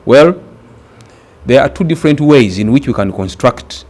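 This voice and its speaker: A man from Uganda teaching an exam-prep grammar lesson, speaking deliberately and repeating words for emphasis. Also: medium pitch, lively intonation, a little mellow.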